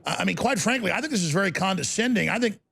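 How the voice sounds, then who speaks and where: A male political talk show host with a strongly gravelly, fry-heavy voice pitched fairly high. He talks emphatically and sounds incredulous, stacking questions on top of each other. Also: animated, sharp tone. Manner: emphatic, incredulous, fast-shifting delivery.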